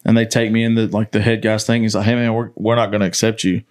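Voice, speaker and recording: A young man who is a podcast host and country singer tells stories on a casual podcast in a fairly low voice at a quick pace. He's animated, swears a lot, and acts out the people he quotes.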